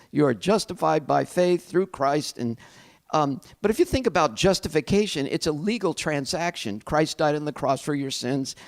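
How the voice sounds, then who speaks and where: Reflective man telling his story. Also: a little high. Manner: reflective storytelling, candid and self-deprecating. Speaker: pastor. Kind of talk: personal testimony talk.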